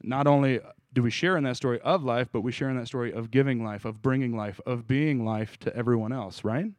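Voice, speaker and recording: This pastor's mid-range voice moves fairly quickly and sounds a little mellow, with no room sound present. He preaches informally in a conversational way, posing questions to the group and restarting his thoughts.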